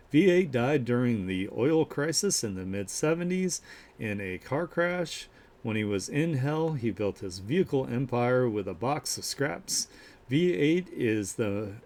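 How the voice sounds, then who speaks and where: Low-voiced man rambling casually on stream. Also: darkish tone. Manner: rambling and upbeat, many fillers and restarts; gushes over the artwork he shows. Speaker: streamer hosting an art share. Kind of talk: casual live-stream commentary.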